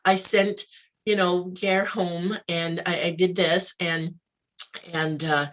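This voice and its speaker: Woman telling a lively story. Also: on the low side, takes it slowly. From Canada. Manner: animated storyteller, acts out dialogue, laughs often. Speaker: interview guest. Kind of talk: personal storytelling.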